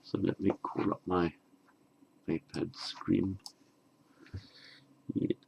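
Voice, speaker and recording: A man teaching the meaning of an old verse, patiently explaining each word after reciting it slowly. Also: low voice, little pitch movement, gravelly, darkish tone, breathy edge, muffled recording. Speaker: Pali language teacher. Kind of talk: unhurried lesson on a verse.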